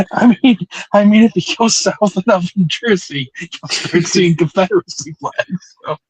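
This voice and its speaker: A man's voice: high-pitched, measured pace, slightly rough, no room sound, rough recording. A man co-hosting a podcast in casual chat, joking and laughing a lot. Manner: jokey, laughing often. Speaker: podcast co-host.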